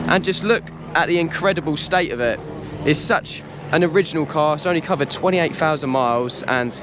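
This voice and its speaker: A man's voice: medium pitch, noisy background. Enthusiastic man at a car show. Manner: enthusiastic, chatty, informal slang. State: slightly losing voice. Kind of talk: casual walkaround commentary.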